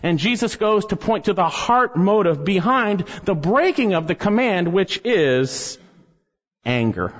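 Man, pastor, emphatic sermon, high voice, long church reverb. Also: sing-song, measured pace, lo-fi sound. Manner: emphatic, rising on scripture quotes. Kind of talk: expository sermon.

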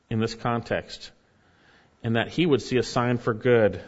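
Expressive male preacher, slightly dull sound. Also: medium pitch. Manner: expressive preaching, swings from loud emphasis to hushed reading of scripture. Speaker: pastor. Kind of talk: sermon.

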